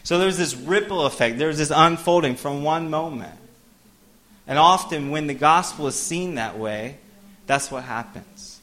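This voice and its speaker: A middle-aged man preaching a sermon, telling a personal story, with animated bursts and softer asides. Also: a little high, measured pace. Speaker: pastor.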